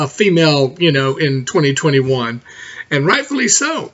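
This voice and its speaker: Fast-talking man giving a recorded lecture. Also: a little high, very animated, fairly bright tone. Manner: fast, conversational, direct with frequent "okay?" checks. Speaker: college writing instructor. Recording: dull lo-fi recording.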